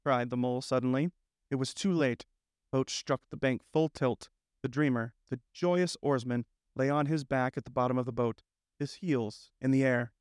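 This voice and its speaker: Smooth-voiced man reading a storybook. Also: medium pitch, no room sound, clean studio sound. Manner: measured, gentle, unhurried storytelling. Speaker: audiobook narrator. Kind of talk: scripted storybook narration.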